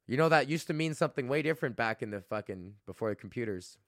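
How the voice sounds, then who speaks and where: A man's voice: medium pitch, expressive, fast talker, few pauses, no echo, clean studio sound. A man in his thirties from Canada hosting a casual solo podcast, rambling and swearing freely, poking fun at himself and laughing often. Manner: rambling, profane, self-mocking, laughs often. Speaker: podcast host and comedian.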